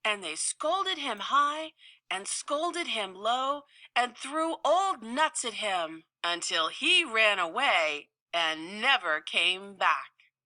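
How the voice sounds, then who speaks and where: Female storybook narrator, slow and lively, very bright voice, dry close sound. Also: fairly high pitch, no room sound. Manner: slow, expressive, playful delivery. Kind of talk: storybook read-aloud.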